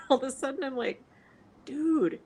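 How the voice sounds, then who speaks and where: A woman with a Minnesotan accent and a slightly low voice chats casually, snarky and laughing often. Faint noise hums behind her. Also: moderate pace, gravelly, rough recording. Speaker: livestream co-host. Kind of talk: casual chat.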